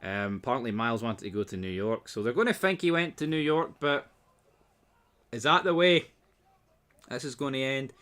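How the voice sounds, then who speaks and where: A man rattles through a casual TV recap in a bright, forceful voice. He is blunt and sarcastic and swears freely. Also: medium pitch, animated, normal speed, long pauses. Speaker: TV episode reviewer.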